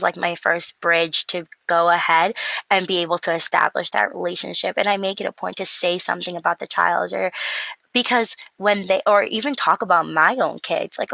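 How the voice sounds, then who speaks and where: Gravelly and on the low side, this young woman's voice moves at a normal speed as she recounts stories in an interview. An early childhood educator, she animatedly performs the voices of those she quotes; there's no room sound, but the audio is poor.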